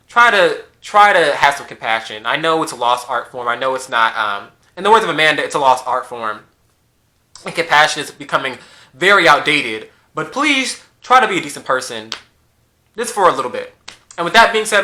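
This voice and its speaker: A man delivers a ranting commentary, emphatic and sassy, hammering the same rhetorical questions again and again. His voice sits fairly high and sounds very bright and cutting. His mouth is still a little swollen from wisdom teeth removal. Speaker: YouTube commentator. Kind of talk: ranting social media commentary.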